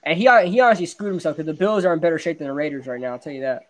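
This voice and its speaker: A young man with a high voice hosts a casual sports podcast. He rants about football with excitable energy and laughs often. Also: racing. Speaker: podcast host.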